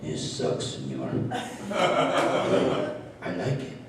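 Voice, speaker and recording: A man's voice: very deep voice, big pitch swings, slow, darkish tone, pitched below the performer's own voice, full character voice. A man voicing a sly, wisecracking male burrito puppet with a put-on Mexican Spanish accent in a ventriloquist act. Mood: teasing. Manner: playful, teasing, crude jokes. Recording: distant echoey live stage with noise.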